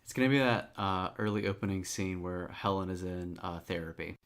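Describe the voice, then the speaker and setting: Low-voiced hesitant male podcast guest. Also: steady tone, brisk, fairly bright tone. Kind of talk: casual movie discussion.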